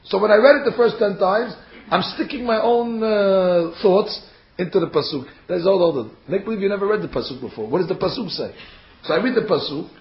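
A man teaching a Torah class, reading verses aloud and acting out the figures' words in a lively way. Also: high-pitched, a little fast. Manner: animated, acts out the figures' words. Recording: dull, echoey room.

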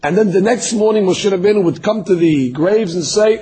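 Raspy-voiced guy teaching a torah class, pitch goes up when he acts out quotes, kinda high voice. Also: moderate pace, few pauses, dark tone, poor audio. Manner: storytelling, acting out quotes with rising pitch. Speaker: rabbi giving a Torah class. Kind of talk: sermon-style Torah lecture. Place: synagogue.

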